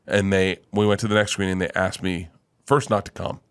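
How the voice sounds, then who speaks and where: Animated storytelling male comedian. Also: low-pitched, a little fast, clear, resonant tone. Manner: animated, laughing, swearing freely. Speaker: guest comedian. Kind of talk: casual storytelling. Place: studio.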